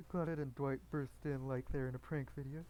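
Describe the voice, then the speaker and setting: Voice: mid-range voice, steady tone, moderate pace, mellow, low-quality recording. A streamer reading a dating game aloud, full of joking asides and giggles. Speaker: gameplay streamer.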